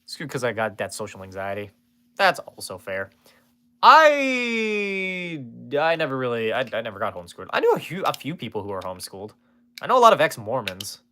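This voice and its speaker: Lively, bright-voiced male streamer. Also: mid-range voice, brisk. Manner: rambling, swears freely, jokey asides to chat. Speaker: streamer answering chat. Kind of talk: casual live-stream chat.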